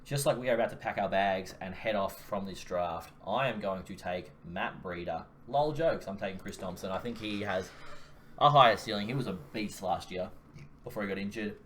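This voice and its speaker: A man's voice: lowish voice, moderate pace, fairly bright tone. A young Australian man with an Australian accent, co-hosting a casual fantasy football chat and joking as he talks through his picks. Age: young adult. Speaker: podcast co-host. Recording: faint background noise.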